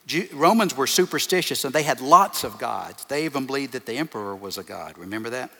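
A man's voice: mid-range voice, expressive, brisk, fairly bright tone. A man, a pastor, preaching a sermon to his congregation in an emphatic way, piling up short repeated phrases. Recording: long reverb of a large hall.

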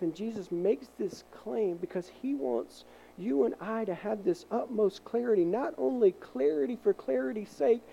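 A male pastor preaching a sermon, animated and acting out voices in the story, sometimes dropping to a soft hush to make a point. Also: high-pitched, moderate pace, vocal fry, highs cut off, slight background noise. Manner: animated, acts out quoted voices; drops to a soft hush for emphasis.

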